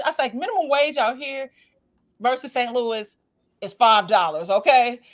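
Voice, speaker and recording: A woman hosting a casual interview, telling a story in an animated, playful way. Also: a little high, normal speed. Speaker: talk show host.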